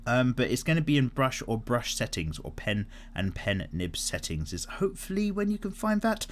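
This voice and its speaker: A man hosting a casual art vlog, chatting and answering viewer comments in an animated way, swearing freely as he goes. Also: mid-range voice, normal speed, a little hiss or hum. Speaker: art channel host.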